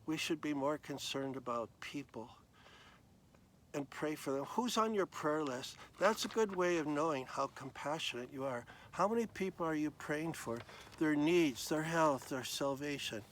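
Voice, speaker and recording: A man tells a Bible story in a folksy, homey devotional style. His voice sits slightly high. A faint hum of vehicle noise sits underneath. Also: lively intonation, moderate pace, fairly bright tone, rough recording. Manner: homey, conversational, clears throat often. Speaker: devotional speaker.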